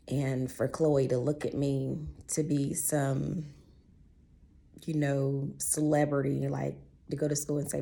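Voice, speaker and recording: A woman's voice: extremely low pitch, level tone, unhurried, gravelly, mellow. A woman telling a personal vlog story in a heartfelt, chatty way, her voice going in and out at times. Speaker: vlogger.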